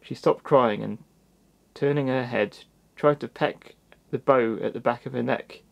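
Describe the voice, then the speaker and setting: A man reading a children's storybook aloud in a gentle manner, with little asides to the listener. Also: mid-range voice, a little slow, creaky, dull audio. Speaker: storybook reader.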